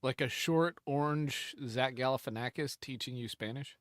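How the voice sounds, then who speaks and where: A man's voice: mid-range voice, a bit bright, no echo, clean studio sound. A man co-hosting a hunting podcast, firing off absurd wisecracks among friends. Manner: wisecracking, quick with absurd jokes. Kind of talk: casual banter among friends.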